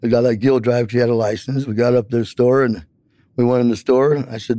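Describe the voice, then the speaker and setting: A man's voice: mid-range voice, fairly even intonation, quick pace, dark tone, no echo. A man telling a long personal account in an interview, rambling with many fillers.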